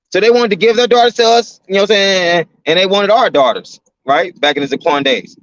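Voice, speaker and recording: Brief: man with an unusually high voice, casual scripture teacher, slangy asides, dull lo-fi recording. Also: a bit bright, no room sound. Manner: slangy, conversational, keeps asking "right?"; slows down and lifts his voice to read verses. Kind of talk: reading scripture aloud with casual commentary. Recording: dull, lo-fi, dry sound.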